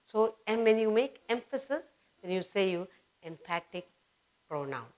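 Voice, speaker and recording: A woman's voice: medium pitch, big pitch swings, normal speed, a little mellow. A woman teaching grammar to children, stressing and repeating each example sentence.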